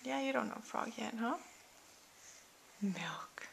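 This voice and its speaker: A woman's voice: a little high, lively intonation, slow, gravelly, slight background noise. A woman at home quizzing a small child, patiently naming animals and repeating her questions, recorded on a handheld camcorder. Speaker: parent teaching a toddler sign language.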